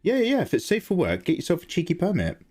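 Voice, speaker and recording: A man hosting a live drawing stream, chatting casually and reacting to viewer messages, laughing often. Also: fast talker. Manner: chatty, animated, laughs often, jumps to high pitch when excited. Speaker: art livestream host. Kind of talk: casual chat while drawing, reading chat.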